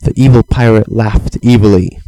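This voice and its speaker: A man's voice: lowish voice, steady tone, normal speed, warm tone, low-quality recording. A man improvising a playful, meandering bedtime story for a child, with chants and sound effects.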